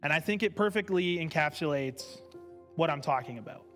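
A man's voice: on the high side, expressive, a little fast, fairly bright tone. A man preaching a sermon in a church in a casual, conversational way, repeating himself for emphasis. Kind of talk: sermon with storytelling. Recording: reverberant hall with faint music.

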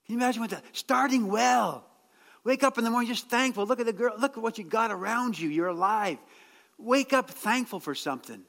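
A middle-aged man preaching a sermon, chatty and joking, then rising to a shout as he urges people on. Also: extremely high pitch, animated, fairly quick, creaky. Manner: conversational preaching that swings to shouted exhortation. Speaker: pastor. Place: church hall. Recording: long church-hall reverb.

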